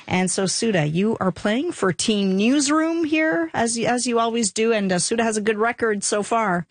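A woman's voice: fairly high pitch, normal speed, dry recording. A woman hosting a radio show, chatting casually with colleagues and laughing easily.

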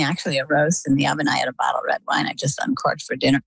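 Low, gravelly-voiced woman telling her story. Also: very fast, no room sound, rough recording. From Maine. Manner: animated storytelling, acts out quoted dialogue. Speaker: interview guest. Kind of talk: personal story in an interview.

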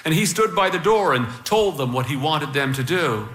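A man reading a story aloud with expressive narration. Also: fairly high pitch, roomy sound. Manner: slow, expressive, warmly paced narration.

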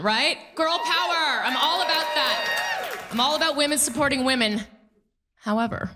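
A woman comedian doing a stand-up set, animated and punchy, often laughing at her own jokes. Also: a little high.

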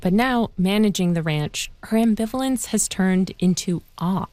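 A woman reporter giving a measured, scripted narration for a news feature. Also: mid-range voice, darkish tone, dry recording. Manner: measured, clear storytelling delivery.

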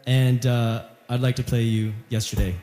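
A man's voice: medium pitch, level tone, normal speed, dark tone. A man in his thirties, a singer chatting with a live audience between songs, joking at his own expense. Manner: chatty, self-deprecating, laughing at himself. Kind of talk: stage banter between songs. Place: live concert venue. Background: faint guitar.

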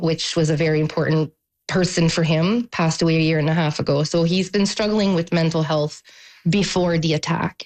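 Low, flat-voiced mother recounting haltingly. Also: rough recording. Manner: halting, emotional recounting with pauses. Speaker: mother of an assault victim. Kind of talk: recorded news interview.

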